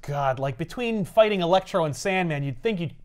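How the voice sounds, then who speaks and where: A man's voice: on the high side, clear, resonant tone. A man co-hosting a casual comics chat, recapping a story and acting out the characters' lines. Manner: animated, acts out characters' lines in quick voices. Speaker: comics podcast co-host.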